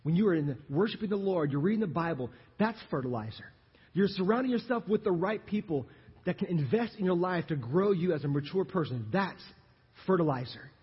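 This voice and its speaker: A middle-aged male pastor preaching a sermon with a husky, slightly high voice. He works the congregation with call-and-response, rising to loud appeals and dropping to quiet, slow lines. The recording is muffled and lo-fi, with a long reverb from the church sanctuary.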